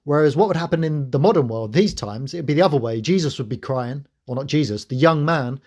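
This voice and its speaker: A man's voice: fairly high pitch, a little fast, a little mellow. A man hosting his own channel, giving an earnest, preachy spiritual monologue to camera. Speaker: channel host.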